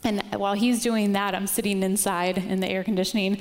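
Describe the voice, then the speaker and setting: A woman worship leader preaches in a church, slipping into a relaxed, chatty storytelling style full of "like"s. Her voice sits at an ordinary pitch, and a long reverb from the hall trails after her words. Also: a little fast. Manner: chatty storytelling with many "like"s and laughs. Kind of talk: sermon with personal story. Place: church sanctuary.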